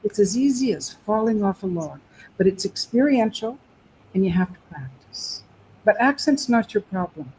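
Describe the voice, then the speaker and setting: Canadian woman accent coach, warm-toned, emphatic teaching delivery with deliberate pauses. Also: mid-range voice, expressive, a little hiss or hum, rough recording. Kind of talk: webinar panel answer.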